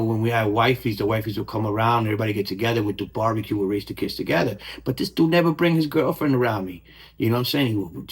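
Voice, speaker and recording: Middle-aged dude, husky voice, telling stories in street slang, middle pitch. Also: male voice. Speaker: podcast host. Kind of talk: casual storytelling monologue.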